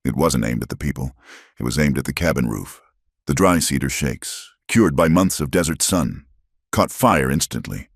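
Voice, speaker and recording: A man's voice: very deep voice, lively intonation, moderate pace, creaky, slightly rough, no echo, clean studio sound. A man giving dramatic scripted narration of a story.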